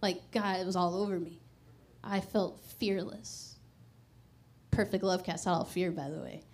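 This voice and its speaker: A woman preaching a sermon, telling a personal story with loud exclamations, hushed asides and frequent laughter. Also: fairly low pitch, steady tone, measured pace. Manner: laughs often through her words.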